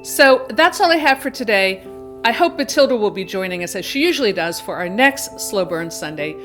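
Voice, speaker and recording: A woman hosting a casual show, retelling a film's plot in a chatty way with quick asides. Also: medium pitch, expressive, fairly bright tone, faint music behind. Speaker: host. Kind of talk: casual film discussion.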